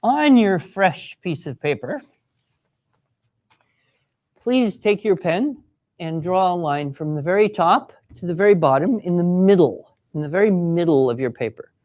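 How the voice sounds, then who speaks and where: Here a writing teacher guides a live classroom workshop with a medium-pitched, expressive, darkish voice at a slightly slow pace. The teacher encourages students, lays out directions step by step, and acts out example voices.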